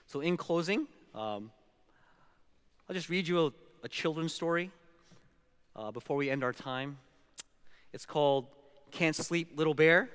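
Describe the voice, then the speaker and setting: A man's voice: fairly high pitch, a little slow, pauses often, a bit bright, smooth. A male pastor giving a sermon, stressing words one by one and slipping into storytelling. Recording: long hall reverb.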